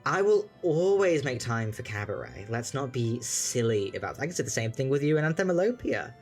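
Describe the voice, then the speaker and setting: Man doing a polished, sharp-tongued noble, everyday voice, soft music under. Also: medium pitch, very animated, brisk. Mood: courteous.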